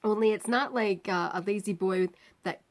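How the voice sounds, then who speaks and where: A woman vlogger telling a personal story in a casual, animated way, acting out the quoted voices and laughing now and then. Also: mid-range voice, moderate pace.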